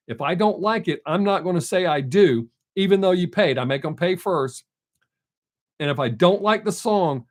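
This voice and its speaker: A middle-aged man hosts a live stream, chatting casually and bluntly with his viewers and telling stories. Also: fairly high pitch. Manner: blunt, talkative, storytelling.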